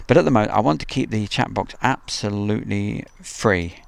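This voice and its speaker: Outdoors at an airfield, a man hosts a casual live stream, rambling chattily and reading viewer messages aloud. His voice is fairly low with vocal fry, and he speaks at a moderate pace.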